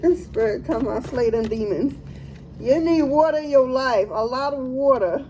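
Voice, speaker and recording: A woman's voice: sits high, moderate pace, dark tone, slight background noise, low-quality recording. Laughing, slangy woman tarot reader. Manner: laughs often, slangy and playful. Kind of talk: casual tarot reading.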